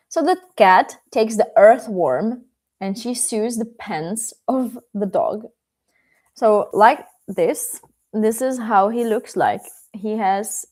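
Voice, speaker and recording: A woman's voice: medium pitch, darkish tone. A woman with a Czech accent, a language teacher telling a live bedtime story in a playful, hesitant way with many fillers.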